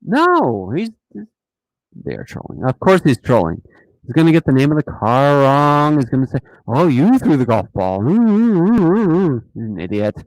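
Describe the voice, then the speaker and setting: A man hosting a casual live stream, talking in an animated, mocking way and often repeating himself. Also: on the high side, measured pace, dry recording, rough recording. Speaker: host of a dashcam channel live stream.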